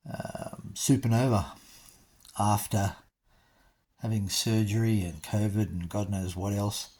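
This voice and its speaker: A man's voice: on the low side, darkish tone. A man, chatting casually to his viewers and telling a story with wry, self-mocking asides. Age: 60s. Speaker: vlogger.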